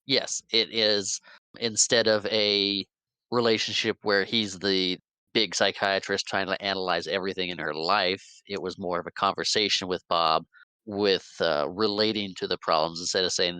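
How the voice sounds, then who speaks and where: A man with a low, bright and forceful voice, talking through a movie in a casual podcast. He stammers into his points and agrees readily. The sound is dry and close. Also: fairly even intonation, moderate pace, clear, resonant tone, no room sound. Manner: stammering restarts, agreeable interjections. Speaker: podcast co-host. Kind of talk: casual movie review chat.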